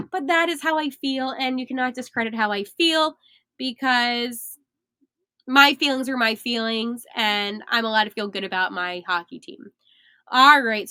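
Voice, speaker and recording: A young woman hosting a sports podcast, animated and emphatic, laughing at herself now and then. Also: on the high side, no room sound. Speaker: podcast host. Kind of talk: excited sports podcast talk.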